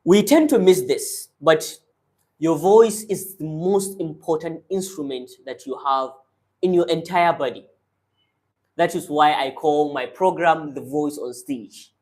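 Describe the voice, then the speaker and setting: A man's voice: a little high, a little slow, a little mellow. A man teaching public speaking as a coach, giving direct, instructive tips in short commands. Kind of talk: motivational speaking lesson.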